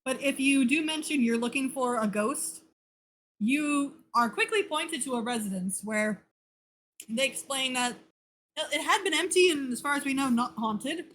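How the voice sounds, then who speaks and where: A woman's voice: high-pitched, fairly bright tone, slight background noise, poor audio. A woman narrating a tabletop game as game master, casual with laughing asides.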